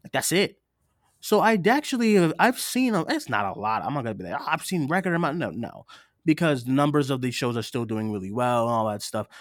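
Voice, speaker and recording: Animated young man, lively pitch. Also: brisk, no room sound, clean studio sound. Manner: animated storyteller, acts out quotes of others. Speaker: podcast co-host. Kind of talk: casual chat.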